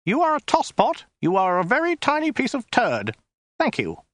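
A man's voice: very high-pitched, huge pitch swings, moderate pace, a bit bright, no room sound, clean studio sound, pitched above the performer's own voice, full character voice. A man reading an audiobook voices a small, weaselly, pedantic male alien with a prim, fussy, officious manner. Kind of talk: audiobook character voice.

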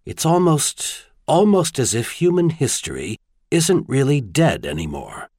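A man's voice: medium pitch, huge pitch swings, unhurried, a little mellow, slightly rough, no echo, clean studio sound, pitched above the performer's own voice, exaggerated voice. A man voicing a tall, earnest, wry advisor. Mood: wistful. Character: tall, kindly, reflective male advisor.

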